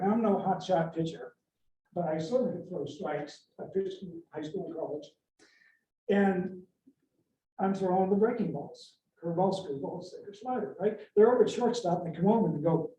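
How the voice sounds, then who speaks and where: A middle-aged man tells animated stories, and his voice sits fairly high yet mellow and soft. He is recorded from a distance, in a very echoey room with a faint noise bed. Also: normal speed. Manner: animated anecdotal storyteller, acts out quotes. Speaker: inventor giving a talk. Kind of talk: storytelling talk with advice.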